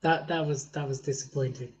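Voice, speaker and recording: A man co-hosting a podcast, joking and energetic and laughing often. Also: medium pitch, a little fast, a little hiss or hum. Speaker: podcast co-host. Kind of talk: casual chat.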